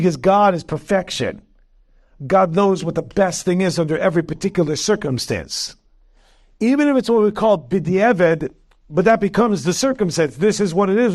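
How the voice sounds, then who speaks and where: A man, a rabbi giving a Torah class, telling a story with lively jokes and acting out its characters. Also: on the high side. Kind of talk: animated storytelling lecture.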